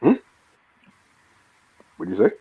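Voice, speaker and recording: A man doing an impression of a laid-back male actor with a London accent, low and drawling, on dull lo-fi audio. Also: slow pace, a crowd in the background, natural voice.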